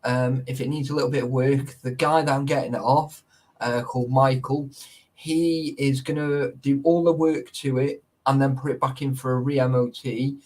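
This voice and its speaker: A man hosting a live stream, chatting loosely with viewers and the people around him. His pitch sits in the middle range. He talks in a laddish way, swears freely and laughs a lot. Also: steady tone, moderate pace, darkish tone, low-quality recording. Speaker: livestream host. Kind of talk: casual live-stream chat.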